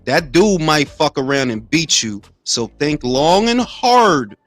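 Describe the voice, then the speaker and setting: A man hosting a casual boxing chat, joking loudly with profane banter. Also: a little high, big pitch swings, slow pace, dry recording, soft background music.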